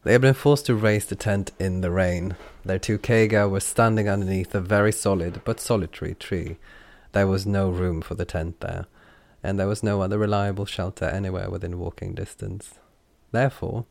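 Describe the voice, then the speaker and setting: Deep gravelly guy reading a fantasy book, super dry close mic. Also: darkish tone, dry recording. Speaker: audiobook narrator. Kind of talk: scripted fantasy narration.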